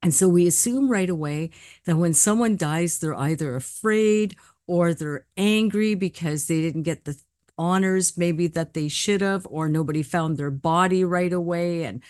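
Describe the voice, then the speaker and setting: Low-voiced woman, earnest medium. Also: moderate pace, dry recording, studio quality. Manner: earnest, storytelling, gentle reassuring tone. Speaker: psychic medium. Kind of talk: casual panel discussion.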